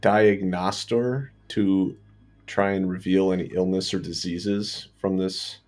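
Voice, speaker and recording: Slow, deep-voiced man at a tabletop game. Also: fairly even intonation, darkish tone. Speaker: player. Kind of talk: casual tabletop play.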